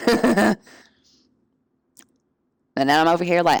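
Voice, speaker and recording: A woman's voice: low voice, brisk, no room sound, clean studio sound. A woman streamer chatting casually with her viewers, candid and profane, often laughing. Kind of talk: casual chat.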